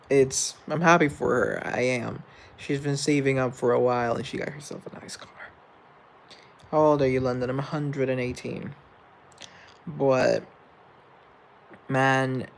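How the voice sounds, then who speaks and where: A man's voice: medium pitch, vocal fry. A man hosting a live stream, chatting casually with viewers in a rambling, joking, self-deprecating way. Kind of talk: casual chat reading viewer comments.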